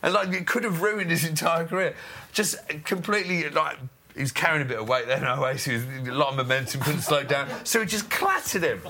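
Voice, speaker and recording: A man's voice: on the high side, brisk, sharp tone, slight background noise. A man telling jokey anecdotes in casual chat, laughing often. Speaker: podcast guest.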